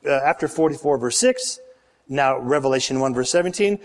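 A man's voice: mid-range voice, expressive, fairly quick. A male pastor preaching a sermon, reading scripture aloud with emphasis and calling on the congregation to answer. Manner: emphatic, calls for congregation responses.

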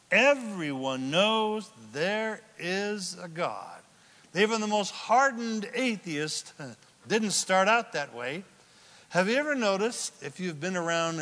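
Animated preacher in a reverberant hall. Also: male voice, high-pitched. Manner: animated preaching, swinging from loud exclamations to hushed asides. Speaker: pastor. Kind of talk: sermon.

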